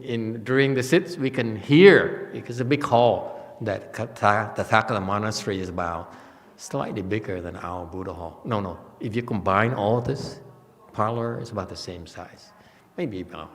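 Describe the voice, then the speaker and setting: A male Buddhist teacher tells stories in an unhurried, halting way, pausing on fillers and laughing often. His speech is slow. The sound carries a long hall reverb. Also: mid-range voice. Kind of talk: dharma talk. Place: monastery hall.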